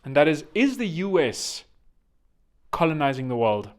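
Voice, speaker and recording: A man hosting a solo podcast, joking and rambling with self-mocking asides and sudden loud bursts. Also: a little high, very animated, moderate pace. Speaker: podcast host. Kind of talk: jokey solo podcast monologue. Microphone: studio microphone.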